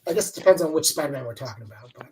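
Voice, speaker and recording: A man's voice: mid-range voice, expressive, racing, darkish tone, far from the mic, slight background noise, poor audio. Rambling, cursing man in his fifties. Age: 50s. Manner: rambling, candid, swears freely. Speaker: comics writer guest. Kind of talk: casual interview chat.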